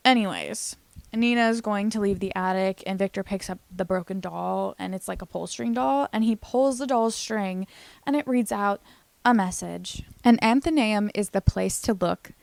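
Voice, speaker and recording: A young woman talks through a teen show recap with chatty, animated energy and the odd curse. Her voice sits at an ordinary middle pitch. The sound is dry and close, with no room around it. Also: moderate pace, creaky, no room sound. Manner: chatty, animated, swears casually. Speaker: recap vlogger. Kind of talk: casual TV recap commentary.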